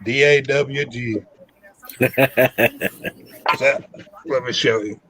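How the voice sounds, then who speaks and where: A man's voice: mid-range voice, fairly even intonation, slow pace, pushed and bright. A man in his fifties with a mild, shifting Southern US accent, chatting in an easygoing, rambling way as a truck driver guest on a live stream. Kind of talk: casual live-stream chat.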